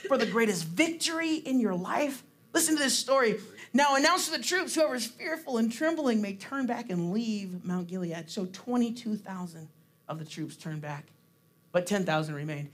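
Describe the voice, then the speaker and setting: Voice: mid-range voice, expressive, moderate pace. A preacher giving a casual, conversational sermon, talking chattily with many fillers and restarts. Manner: chatty, laughs often, acts out quotes.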